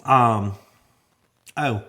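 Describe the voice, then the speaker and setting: A man's voice: mid-range voice, extremely slow, sharp tone. A man from Shreveport with a northwest Louisiana Southern accent, hosting a casual, rambling monologue from his garage in a folksy, drawling way. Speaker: garage channel host. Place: home garage.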